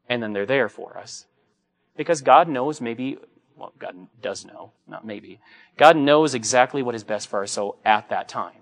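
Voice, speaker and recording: Middle-aged priest, joking homily. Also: male voice, medium pitch, a bit bright. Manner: anecdotal and joking, acts out quoted voices. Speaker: Catholic priest. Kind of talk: conversational homily.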